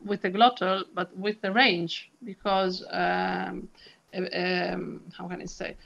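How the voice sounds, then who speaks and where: A woman's voice: on the low side, level tone, slow pace, vocal fry, fairly bright tone, lo-fi sound. A woman, a soprano and vocal coach, talking expressively in an interview and demonstrating sounds. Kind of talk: animated interview chat.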